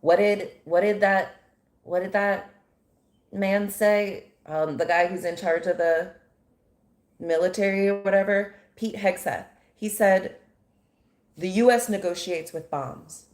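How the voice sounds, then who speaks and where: A woman's voice: mid-range voice, fairly even intonation, slow, a little mellow, roomy sound. An American woman giving an impassioned, indignant monologue full of rhetorical questions. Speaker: commentator.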